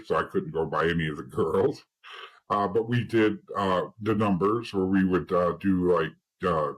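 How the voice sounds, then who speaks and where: A man's voice: on the low side, slightly rough, rough recording. A man in his thirties, an interview guest telling rambling stories, laughing at grim details and restarting his sentences often. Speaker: interview guest, former mob associate turned informant. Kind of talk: casual storytelling in an interview.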